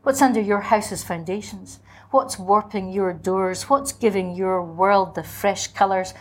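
The ageless spirit of spring speaks in a lyrical, incantatory way, as a woman reads it aloud. There is a quiet menace under the flowing lines. The pitch is an everyday middle register, and the delivery has the measured pace of a dramatic literary reading. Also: lightly acted. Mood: lyrical, defiant.

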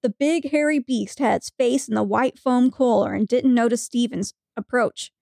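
A woman's voice: fairly high pitch, normal speed, vocal fry, a little mellow, no room sound, studio quality. A woman co-hosting a podcast, reading a funny story aloud with frequent giggles. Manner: giggly storytelling, breaking into laughter. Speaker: podcast co-host.

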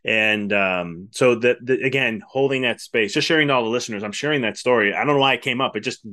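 A man's voice: medium pitch, fast, pushed and bright. A man hosting a podcast, talking in an earnest, effusive and rambling way. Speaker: podcast host. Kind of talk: casual interview talk.

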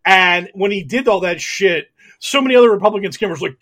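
A man's voice: high-pitched, lively intonation, fast talker, fairly bright tone. A young man hosting a podcast, talking casually and sarcastically, swearing, stammering and restarting, and working himself up into angry rants. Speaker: podcast host. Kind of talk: casual political podcast rant.

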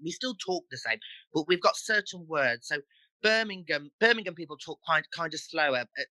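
Chatty guest with Black Country accent. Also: male voice, fairly high pitch, moderate pace, no echo, low-quality recording. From Black Country, England. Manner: chatty, lively, slips into broad local voices. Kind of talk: casual chat.

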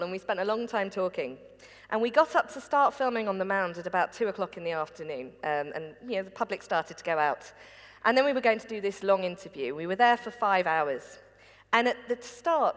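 A woman's voice: medium pitch, long reverb tail. A woman, a documentary presenter and academic, chatting casually and laughing as she tells behind-the-scenes stories. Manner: lively, laughing storyteller.

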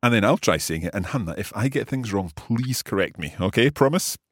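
A man's voice: on the low side, animated, a little fast, breathy edge, no room sound, studio quality. A middle-aged man hosting a language lesson podcast, curious and good-humoured, asking lots of questions. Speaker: podcast host and learner. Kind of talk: scripted language lesson chat.

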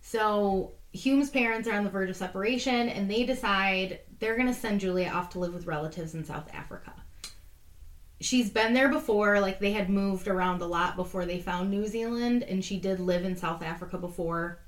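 A woman's voice: medium pitch, normal speed, echoey room. A woman co-hosting a podcast, chatty and swearing casually as she retells a true crime story. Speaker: podcast co-host.

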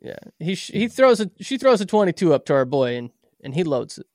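A man with a notably high voice walks through the plot in a loose, offhand way. He swears freely and keeps the summary casual. The sound is dry and close, with no room behind it. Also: very animated, a little fast, a little mellow, dry recording. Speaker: podcast co-host recapping episodes. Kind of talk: casual podcast recap.

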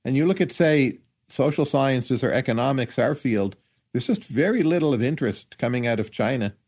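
Man, economist guest on a podcast, measured and analytical delivery. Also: mid-range voice, lively intonation, darkish tone, breathy edge. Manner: measured, analytical, hedging with hypotheses. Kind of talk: podcast interview answers.

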